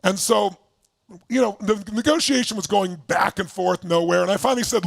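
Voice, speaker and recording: A man telling a motivational story, acting out the people in it and sometimes shouting for emphasis. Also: sits high, fairly quick, gravelly, no room sound, clean studio sound. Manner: animated, acts out quotes, shouts for emphasis. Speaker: motivational speaker.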